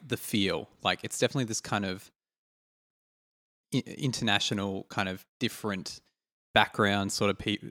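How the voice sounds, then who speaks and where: Low-voiced man musing in a dry recording. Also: a bit bright, dry recording. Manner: hesitant, searching for words. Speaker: podcast co-host. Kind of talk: casual chat.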